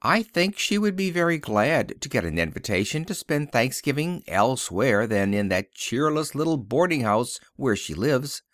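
A kindly, earnest mother from an old-fashioned storybook, as a male reader puts her on. She speaks gently and seriously, with a lively, moving pitch. The sound is dry and close. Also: moderate pace, hardly any pauses, dry recording. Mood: gentle earnest. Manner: gentle, earnest, mildly reproving.

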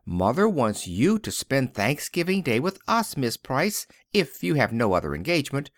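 A man reading the part of a bright, warm-hearted young woman in a storybook, speaking briskly and eagerly. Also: medium pitch, sing-song, dry recording, studio quality.

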